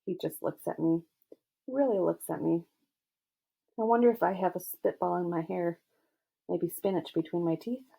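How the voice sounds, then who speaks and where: A woman's voice: on the low side, normal speed, gravelly, long pauses, warm tone, slightly rough. A woman narrating a first-person audiobook with wry, self-mocking storytelling.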